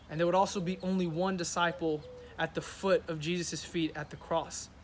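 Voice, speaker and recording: A young man preaching as a youth pastor, earnest and animated, acting out the disciples' questions as he tells the story. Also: high-pitched, a little hiss or hum. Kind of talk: sermon.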